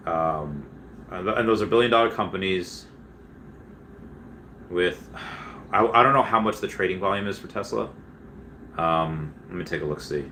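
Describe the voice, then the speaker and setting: A man's voice: low voice, steady tone, moderate pace, long pauses, bright, forceful tone, a little hiss or hum. A young man casually chatting on a livestream, rambling with many fillers as he reads chat messages and reacts. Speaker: streamer reading chat.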